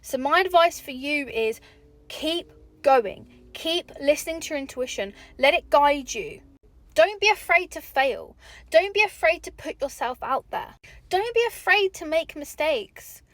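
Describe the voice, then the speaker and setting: A woman's voice: high voice, expressive, measured pace, fairly bright tone, no room sound. A young woman giving candid, chatty motivational talk to camera, swearing casually. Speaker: vlogger.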